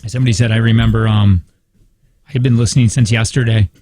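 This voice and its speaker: A man's voice: on the low side, fairly even intonation, quick pace, mellow. A man co-hosting a radio show in a studio, chatting playfully and reading listener comments aloud. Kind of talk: casual radio banter.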